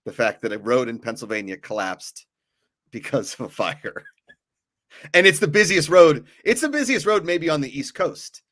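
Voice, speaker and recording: A man's voice: medium pitch, big pitch swings, moderate pace, a bit bright. A man from Pittsburgh with a Pittsburgh accent, co-hosting a casual sports talk show and joking and teasing as he goes. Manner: jokey, teasing, laughs often. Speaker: co-host.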